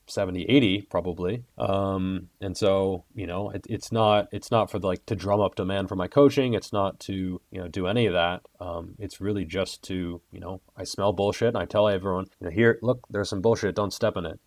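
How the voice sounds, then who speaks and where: A man's voice: sits low, steady tone, moderate pace, few pauses, dry recording. A man speaking as an interview guest, blunt and heated, swearing freely as he rants. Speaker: guest, fitness content creator.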